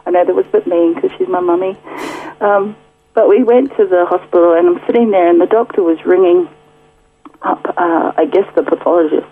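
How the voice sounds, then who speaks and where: A woman shares her story as a radio guest in a chatty, filler-filled way, laughing often. Her voice is husky. She is heard over a thin, tinny phone line. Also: mid-range voice, normal speed, long pauses. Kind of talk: casual testimony.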